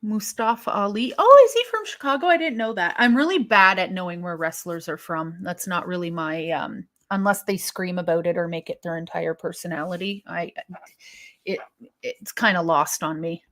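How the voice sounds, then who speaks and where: A woman's voice: fairly low pitch, normal speed, fairly bright tone. A woman co-hosting a wrestling live stream, chatting casually and thinking aloud with sighs and restarts as she reacts to viewer comments.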